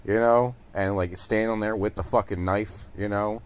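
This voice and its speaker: A man's voice: on the low side, fairly even intonation, measured pace, a little hiss or hum. A young man from Detroit hosting a podcast, telling stories in a rambling, profane monologue full of fillers. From Detroit, USA. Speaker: podcast host. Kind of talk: casual monologue.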